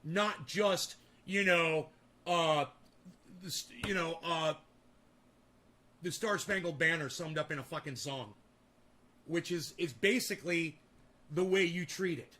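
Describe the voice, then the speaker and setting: A man's voice: a little high, takes it slowly, long pauses, sharp tone. A man hosting a livestream who rants heatedly at his chat, swearing freely and talking straight back to commenters. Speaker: streamer host.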